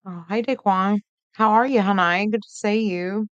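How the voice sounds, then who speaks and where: A woman's voice: medium pitch, steady tone, normal speed, smooth, no echo, dull audio. A woman, hosting a late-night live stream in a folksy, chatty way and greeting viewers by name.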